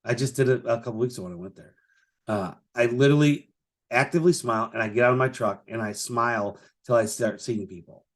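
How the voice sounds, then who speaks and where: A man's voice: mid-range voice, quick pace. A man hosting a solo business podcast in a casual, rambling way, filling his talk with "you know" and restarts and chuckling as he tells stories. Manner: chuckles while telling stories. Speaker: podcast host, business owner.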